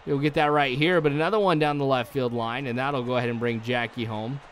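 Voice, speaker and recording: A man's voice: mid-range voice, steady tone, fairly quick, a little hiss or hum. A young man giving rambling, chatty let's-play commentary, full of likes and ums, chuckling now and then. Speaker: gaming channel host.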